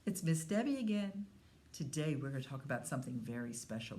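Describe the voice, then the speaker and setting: A woman who is a children's librarian, telling a story to young children at story time in a slow, sing-song way. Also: mid-range voice, sing-song, a little mellow.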